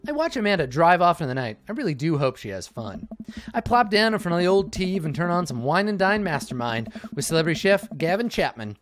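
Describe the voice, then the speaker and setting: A man reading a dating-sim game aloud for laughs, animated and jokey, swinging between loud outbursts and mumbled asides. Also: a little high, a little fast, soft background music. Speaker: let's-play gamer. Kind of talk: comedic game read-through.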